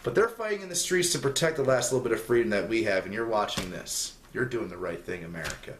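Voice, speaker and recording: A man's voice: on the low side, lively intonation, fast talker, slight background noise. A young man delivering a rambling, sarcastic comedic rant as a segment host on a spoof news show. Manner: rambling, sarcastic, ranting with rising exasperation. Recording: echoey room with faint ambience.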